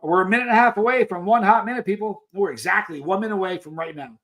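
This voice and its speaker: A man's voice: high voice, fast, a bit bright. A man hosting a live stream, chatting casually with viewers, reading their messages and telling rambling stories. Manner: rambling storyteller, reads chat aloud.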